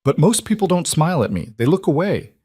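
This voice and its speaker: A man voicing a controlled crime boss who speaks in flat, clipped sentences. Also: on the high side, brisk, breathy edge, no echo, studio quality, pitched above the performer's own voice. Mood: cold.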